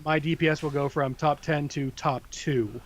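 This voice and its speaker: A man's voice: on the high side, fairly even intonation, normal speed. A man co-hosting a gaming podcast, casually running through an event list with loose asides. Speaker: podcast co-host.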